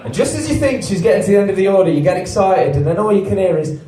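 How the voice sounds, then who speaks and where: A man in his twenties from England works through a stand-up set in a deadpan, self-deprecating way, his fairly high voice leaping up on the punchlines. The sound is echoey and a little distant from the mic, the way a small venue sounds when he stands back from it. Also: rapid-fire. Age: 20s. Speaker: stand-up comedian. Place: comedy venue with a live audience. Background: audience laughter.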